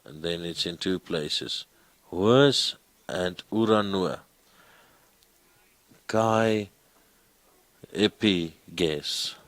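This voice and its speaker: A man's voice: low voice, very slow, long pauses, a bit bright, no echo, poor audio. A man teaching a Greek class, coaxing students with questions. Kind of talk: classroom lecture.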